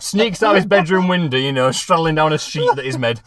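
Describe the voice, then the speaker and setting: A man's voice: fairly high pitch, a little fast, a crowd in the background. A man co-hosting a podcast, telling a comic story with lots of laughter. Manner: animated, laughs often while talking. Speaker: podcast co-host pitching a film idea.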